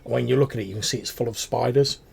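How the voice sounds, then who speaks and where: Gravelly game master. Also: male voice, mid-range voice, steady tone, racing, a little mellow. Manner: rambling, filler-heavy description. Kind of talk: narrating a tabletop game.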